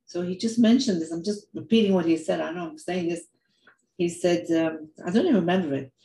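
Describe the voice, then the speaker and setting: An older woman giving a heartfelt personal talk, telling stories in an earnest, animated way and often repeating words. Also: on the low side, a little fast, echoey room, rough recording. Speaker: speaker sharing reflections.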